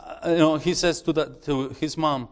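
A man who is a missionary preaching in a church, halting and repeating words as he urges the congregation. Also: on the high side, steady tone, big-room sound. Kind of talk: sermon.

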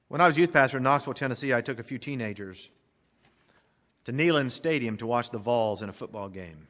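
A man preaching a sermon as pastor, emphatic, swelling loud then dropping to a hush. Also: medium pitch, expressive, brisk, big-room sound.

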